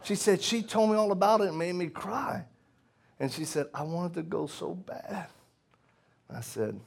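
His voice is mid-range and gravelly as this middle-aged man preaches a testimony sermon before a live audience. He laughs frequently, veering between loud outbursts and hushed delivery.

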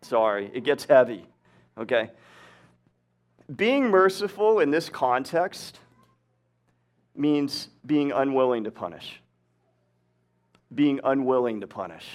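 A man's voice: medium pitch, lively intonation, slow, pauses often. A man giving a casual, conversational sermon, teaching from scripture with personal stories, laughing often and checking in with "right?" and "okay?". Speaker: preacher and teacher. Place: hot upstairs room, live audience.

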